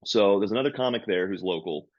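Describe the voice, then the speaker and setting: This comedian and podcast co-host has a low voice and talks fast while telling a story in relaxed conversation. He animatedly acts out the quoted lines at high volume, and the dull audio has no room sound.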